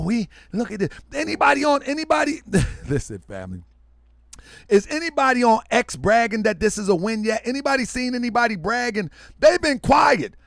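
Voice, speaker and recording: A man with an unusually high, gravelly voice speaks. He hosts a livestream and talks to his viewers loudly and restlessly, repeating himself for emphasis. The sound is dry and close. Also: dry recording. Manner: loud, rambunctious, repeats himself a lot; preachy, calls listeners family. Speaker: online show host. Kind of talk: livestream commentary talking to viewers.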